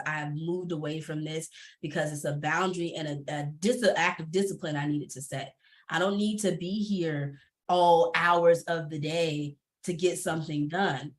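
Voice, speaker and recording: A woman from Atlanta, speaking expressively and laughing often as a panelist entrepreneur on a video call. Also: sits low. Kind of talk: panel discussion, personal testimony.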